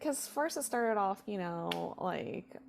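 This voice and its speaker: A woman co-hosts a casual reaction chat. Her voice sits in the middle of the range but swings widely in pitch, and she rambles, restarts and fills the gaps with "like" and "you know.". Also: animated, slow, creaky, darkish tone. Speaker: reaction video co-host.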